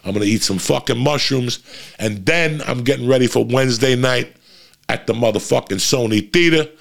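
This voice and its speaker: This middle-aged comedian hosts his own podcast and launches into a fired-up, blunt, profane motivational monologue. The voice is gravelly, medium in pitch, at a moderate pace.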